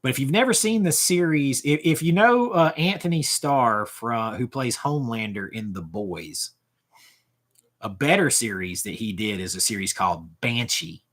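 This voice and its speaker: A man's voice: medium pitch, animated, moderate pace, a bit bright. A man in his forties hosting a casual livestream, rambling as he answers chat comments, often trailing off and restarting. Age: 40s. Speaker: livestream host.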